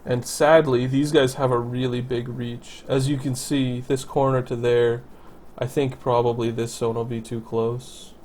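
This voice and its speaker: A man's voice: mid-range voice, little pitch movement, measured pace, hardly any pauses, a little mellow, a little hiss or hum. A man casually commenting on his city-building game, thinking aloud and correcting himself as he goes. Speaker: let's play commentator.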